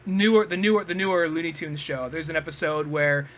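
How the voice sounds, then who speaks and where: A man's voice: fairly high pitch, a little fast. A young man co-hosting a podcast, chatting casually and acting out cartoon scenes with laughs. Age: young adult. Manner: animated, laughing, acts out cartoon lines. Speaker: podcast co-host. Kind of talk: casual chat.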